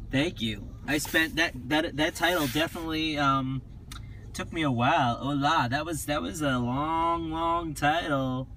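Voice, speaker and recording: A man's voice: medium pitch, background noise. A man casually livestreaming from inside a parked car, rambling and joking with viewers on his phone. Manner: rambling, jokey, sings snatches of songs. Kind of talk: casual live chat. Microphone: phone held in a car.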